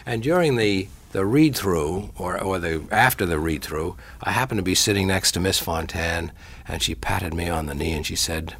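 A man's voice: sits low, normal speed, a bit bright, slightly rough. An older man, a veteran radio actor, fondly reminiscing in an interview, rambling with restarts.

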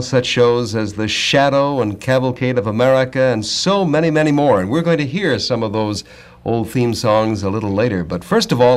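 A man hosting a radio interview in a steady, measured announcer's voice. The sound comes from an old broadcast tape recording. He moves between formal introductions and relaxed questions. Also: medium pitch. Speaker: radio host.

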